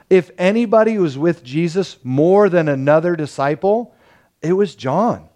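A young man preaching a sermon as pastor, telling the story lively and acting out the quotes. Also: a little high. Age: young adult. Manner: animated storytelling, acts out quotes with laughs.

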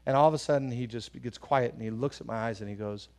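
A man's voice: medium pitch, fast, darkish tone. A man preaching a sermon in a conversational way, telling personal stories, acting out voices when he quotes people, and asking the congregation questions. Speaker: pastor.

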